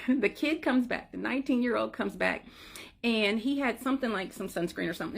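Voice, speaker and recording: A woman telling a funny story to her viewers in a lively, comic way, often calling out to them as "y'all.". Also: fairly high pitch, fairly quick, creaky, slightly rough. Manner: animated, comic, addresses listeners as "y'all". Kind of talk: casual storytime.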